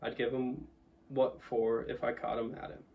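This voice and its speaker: A man voicing a humble, deferential male cabman of country stock who talks slowly and plainly, somewhat far from the mic. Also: medium pitch, flat delivery, gravelly, darkish tone, a little hiss or hum, natural voice.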